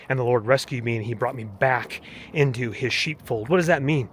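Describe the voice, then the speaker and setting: A man's voice: mid-range voice, a little fast, a bit bright, slight background noise. A man vlogging while walking on a mountain trail, talking in an earnest, rambling, preachy way. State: walking, heart rate up. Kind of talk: casual walking vlog testimony.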